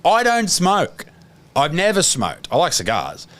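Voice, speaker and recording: An Australian man chatting on a podcast, loose and profane. His pitch swings widely as he talks, and he laughs easily. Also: measured pace. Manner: lively, swearing, laughs easily. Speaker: podcast host. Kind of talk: casual chat.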